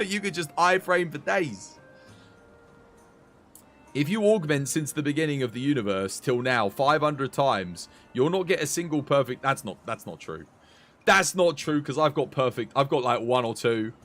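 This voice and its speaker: A young man streaming a game, chatting excitably with his viewers. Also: a little high. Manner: chatty, excitable, talks to chat. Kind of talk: casual live-stream chat.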